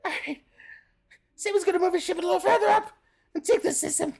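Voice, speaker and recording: A woman doing a pinched, strained falsetto impression of a furry red puppet monster who talks about himself in the third person, during gaming livestream commentary. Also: fast, vocal fry, darkish tone. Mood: strained silly.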